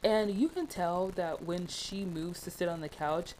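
A woman's voice: fairly low pitch, a little slow, a little mellow, a little hiss or hum, rough recording. A young woman talking through a film in casual, passionate commentary, rambling with many fillers.

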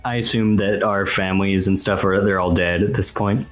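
A man's voice: sits low, fairly even intonation, normal speed, loud music behind the voice. A man playing in a tabletop game, dry and matter-of-fact. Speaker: player. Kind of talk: casual chat at a tabletop game.

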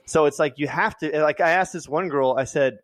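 A man's voice: fairly high pitch, a little fast, a bit bright, dry recording. A man telling a story in casual chat, swearing and acting out the people he quotes.

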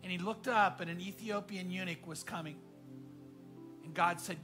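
A man preaching a sermon as pastor, telling a story earnestly and often dropping to a hushed voice. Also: high voice, normal speed, faint music behind.

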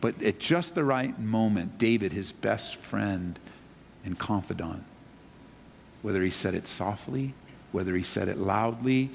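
A male pastor preaching an earnest sermon that swings between loud urgency and quiet emphasis. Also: on the low side, a little slow, gravelly, long reverb tail, a little hiss or hum.

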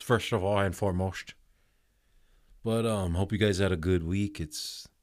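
A middle-aged man with a very deep, low voice, talking alone into the mic as a podcast host. He rambles in a loose, easygoing way, peppering his chat with curse words and "um"s. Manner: loose, swearing, rambling with many fillers. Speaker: podcast host and touring musician. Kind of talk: casual solo podcast chat.

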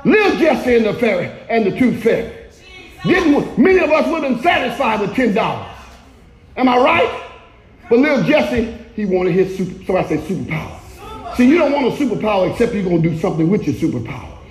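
A male pastor preaching a sermon in a church, shouting often and calling for the congregation to respond. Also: sits high, sing-song, fairly quick, reverberant, rough recording.

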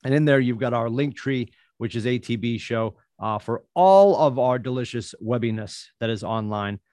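A man's voice: mid-range voice, moderate pace, darkish tone, no echo, studio quality. A man hosting a casual sports podcast, upbeat as he wraps up the show with plugs. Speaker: podcast host.

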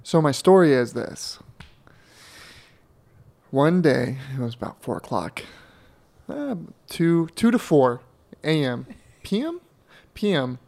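A man's voice: a little high, big pitch swings, slow, vocal fry, pauses often, a little mellow. A young man and podcast co-host, rambling through a casual story, swearing, laughing and acting out what people said.

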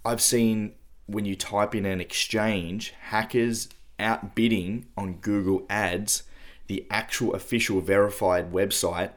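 Man, podcast co-host, deep voice, steady explainer, casual. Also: slow pace. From Australia. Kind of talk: casual chat.

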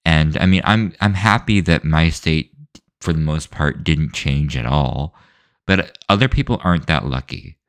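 A man's voice: very deep voice, a little slow, fairly bright tone, dry recording. A man hosting his own show, talking alone in a loose, rambling way, full of fillers, restarts and hedging asides. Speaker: show host. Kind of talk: solo opinion rant.

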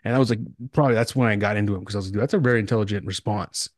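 A low-pitched man chatting loosely on a podcast, spinning long stories in slangy, profane talk. His voice sits close and dry on the mic, with little room sound. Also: rapid-fire, dry recording. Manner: rambling storytelling, heavy slang and swearing. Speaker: podcast host. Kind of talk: casual chat.

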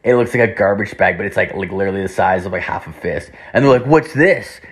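A young man with a lowish voice tells a long, rambling story in loose, casual talk, going fast. He swears constantly, drops "like" between nearly every phrase, and often acts out lines quoted from other people.

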